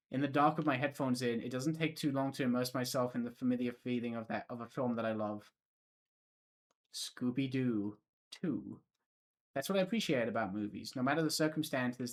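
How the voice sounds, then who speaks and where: A young man on a stream reads a visual novel aloud, narrating as the protagonist. He keeps breaking off with joking, profane asides in a middle-pitched voice.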